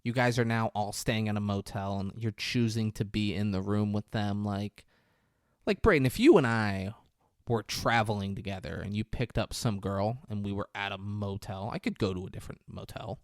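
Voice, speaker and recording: Animated man recapping a movie. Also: on the low side, dry recording, clean studio sound. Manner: animated, crude, acts out scenes in quick mimicry. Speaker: podcast co-host. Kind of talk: casual chat recapping a movie.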